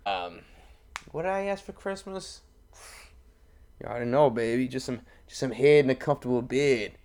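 Profane, joking man at mid pitch. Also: lively intonation, moderate pace, darkish tone. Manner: profane, laughing, retells scenes with voices. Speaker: podcast co-host. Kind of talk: casual crude banter.

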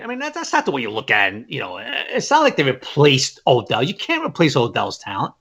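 A man co-hosting a sports podcast, talking fast and emphatically in a high voice that swoops all over the place. He keeps hammering his points home. The sound is dull and lo-fi. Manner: emphatic, animated, keeps asking "you know what I mean". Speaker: podcast co-host. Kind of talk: casual sports chat.

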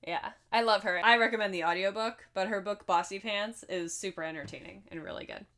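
A woman's voice: mid-range voice, brisk, a bit bright. Sex: woman. Role: podcast co-host. Style: casual chat recapping a film. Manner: chatty and laughing, with asides.

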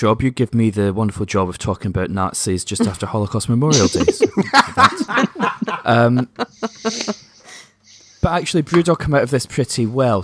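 A man's voice: lowish voice, background noise. A man co-hosting a casual podcast, chatty, wry and opinionated. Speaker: podcast co-host.

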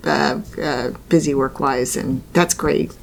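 A woman's voice: rumbling low, steady tone, slow, gravelly, slight background noise. A woman co-hosting a podcast, chatting casually, laughing often and restarting her sentences. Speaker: podcast co-host. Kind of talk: casual chat.

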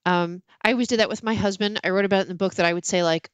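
A middle-aged woman, an author guest in a casual interview, telling candid stories about her marriage with lively, self-mocking asides. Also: lowish voice, very fast, smooth, dry recording.

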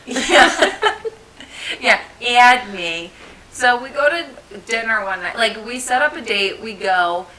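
A woman's voice: a little high, expressive, a little slow, pushed and bright, poor audio. A woman in her thirties from New Jersey, chatting and telling stories on a podcast, laughing often. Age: 30s. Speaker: podcast co-host. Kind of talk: casual chat.

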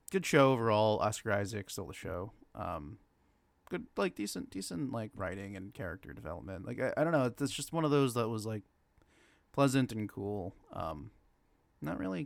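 A man's voice: fairly low pitch, very animated, normal speed, creaky, no room sound. A man co-hosting a podcast in casual chat, rambling and hesitant with many fillers and restarts. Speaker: podcast co-host.

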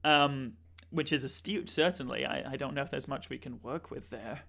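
A man co-hosting a comedy podcast, halting with restarts and breaking into mock-alarmed swearing. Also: medium pitch, gravelly, fairly bright tone, breathy edge. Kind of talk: deadpan comedy banter.

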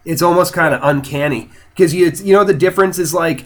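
Man, political chat co-host, fairly high voice, animated, keeps saying "right?". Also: fast talker. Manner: animated, tags statements with "right?"; swings between loud excitement and quiet musing.

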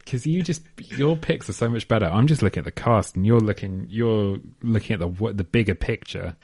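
A man with a low voice, well below most men, chatting about a movie in a loose, animated way. He swears freely and breaks into laughter often. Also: a little fast, slightly rough. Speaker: podcast co-host. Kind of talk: casual film review chat.

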